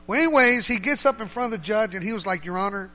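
A man telling a funny testimony story in a relaxed, colloquial way, animated and laughing often. His voice is high and bright, and he sounds excited as he speaks. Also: fast talker, big-room sound. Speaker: church speaker giving a testimony. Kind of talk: humorous storytelling.

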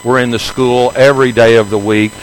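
A middle-aged man, a pastor, telling a personal story in a sermon in an earnest storytelling manner, going quiet and low at emotional moments. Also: steady tone, brisk, slight background noise, low-quality recording. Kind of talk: sermon testimony.

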